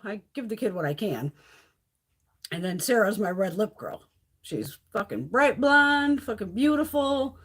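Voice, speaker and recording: A woman's voice: medium pitch, husky. A middle-aged woman chatting casually and profanely on a beauty live stream, laughing often.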